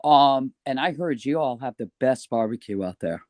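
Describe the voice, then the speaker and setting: A man's voice: medium pitch, expressive, normal speed, darkish tone, no room sound. An older man from New York, a retired guest telling stories in a casual, chatty way and swearing now and then. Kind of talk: casual chat.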